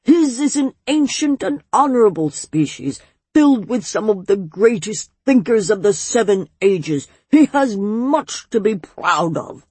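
A woman's voice: mid-range voice, sing-song, unhurried, a little mellow, slightly rough, no echo, voice pushed up. A woman voicing an ancient male swamp monster who speaks mildly and grandly in a storybook reading. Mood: lecturing. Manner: mild, grandly pompous.

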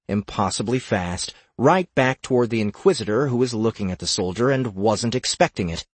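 A man narrating a fantasy audiobook with steady, measured storytelling. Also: on the low side, slightly rough, no echo.

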